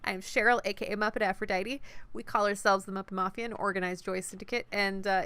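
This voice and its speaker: A woman's voice: medium pitch, quick pace, smooth, no room sound. A woman streaming a video game, reading its text aloud and chatting playfully with her viewers. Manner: animated and playful.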